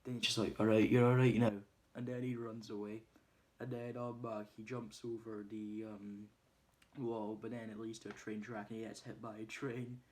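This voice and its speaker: A man's voice: on the low side, level tone, moderate pace. A man casually retelling a film plot, hesitating often with ums and uhs. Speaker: movie reviewer.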